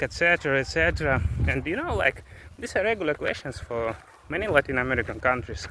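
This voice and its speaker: Bright-voiced man vlogging on a busy street. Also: fairly high pitch, lively intonation. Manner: candid, complaining, with halting restarts. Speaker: travel vlogger. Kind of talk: casual vlog monologue. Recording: faint street traffic noise.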